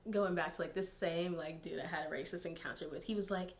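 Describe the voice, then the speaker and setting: A woman's voice: fairly low pitch, steady tone, fast. A young woman giving casual, digressive commentary to camera, laughing and using many fillers. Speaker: YouTube commentator.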